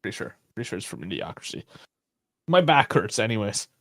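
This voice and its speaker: A man's voice: lowish voice, very animated, fairly quick, fairly bright tone, no room sound, studio quality. A man hosting a sports podcast, bantering casually and swearing loosely. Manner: loose, profane banter with frequent laughs. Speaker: podcast host. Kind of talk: casual chat.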